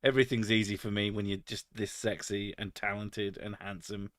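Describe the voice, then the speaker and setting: A man's voice: lowish voice, level tone, moderate pace, a bit bright, no room sound, clean studio sound. A man reading chat on a live stream, joking crudely, swearing a lot and laughing often.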